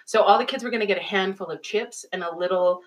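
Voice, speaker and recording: A young adult woman co-hosting a podcast, telling animated classroom stories with frequent laughter. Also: mid-range voice, quick pace, rough recording. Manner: animated storytelling, laughs often, acts out kids' voices. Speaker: podcast co-host. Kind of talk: casual chat.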